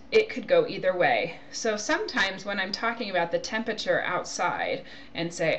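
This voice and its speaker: A woman's voice: fairly low pitch, very animated, normal speed, a bit bright, a little hiss or hum. Woman teaching a grammar lesson. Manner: explains with spoken example sentences, checks in with "okay?". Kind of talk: recorded lecture.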